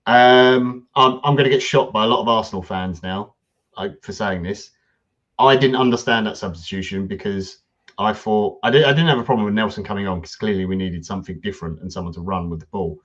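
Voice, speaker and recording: A man co-hosting a football podcast, talking in a relaxed way with lots of ums and measured opinions. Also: fairly low pitch, highs cut off. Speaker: podcast co-host. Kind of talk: casual football chat.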